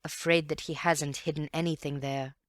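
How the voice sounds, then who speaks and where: A woman voicing a calm, thoughtful gentleman detective who speaks in a grave, measured, earnest way. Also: low voice, no room sound, clean studio sound, natural voice.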